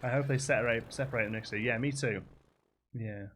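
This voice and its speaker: A man hosts a laid-back game stream, his voice sitting at an ordinary middle pitch. He answers the chat in an easygoing way and laughs often. Soft music plays faintly under his voice. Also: fairly even intonation, brisk. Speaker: livestream host. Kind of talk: casual livestream chat.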